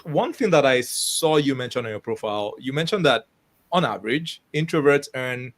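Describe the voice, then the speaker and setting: A man's voice: medium pitch, expressive, normal speed. A man from Nigeria hosting a live interview podcast, chatty and laughing easily as he greets viewers by name. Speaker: podcast host.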